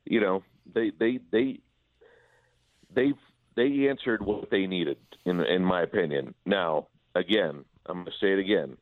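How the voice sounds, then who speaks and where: A man with a low, deep voice calls in to a sports talk show over a thin, tinny phone line. He talks in an easygoing way and keeps tripping over repeated words before getting his point out. The line sounds close and dry. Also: a little slow, dry recording. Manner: repetitive, stumbling restarts. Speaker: baseball broadcaster.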